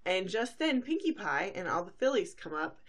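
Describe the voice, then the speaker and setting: A woman's voice: mid-range voice, big pitch swings, moderate pace. A woman hosting a podcast, casually recapping a cartoon episode in a chatty way, with many fillers and brief acted-out quotes. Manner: chatty, full of fillers, briefly acts out characters. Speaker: podcast host.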